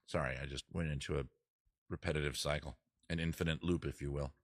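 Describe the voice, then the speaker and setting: A man hosting a casual livestream, rambling and self-mocking with deadpan asides. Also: a bass voice, fast, dry recording, clean studio sound. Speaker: livestream host. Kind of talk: casual livestream chat between songs.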